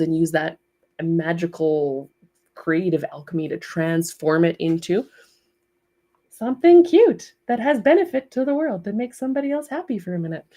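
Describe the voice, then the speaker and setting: A chatty woman hosts a casual art livestream from her home studio. Her voice sits a little low for a woman, and she rambles warmly with frequent giggles between thoughts. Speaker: livestream host, clay artist.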